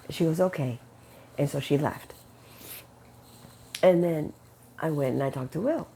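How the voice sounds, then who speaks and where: A woman giving a casual spoken testimony, acting out quoted dialogue with quick jumps in pitch and slowing down when she turns earnest. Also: gravelly, mellow, slight background noise. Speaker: Christian speaker sharing a testimony.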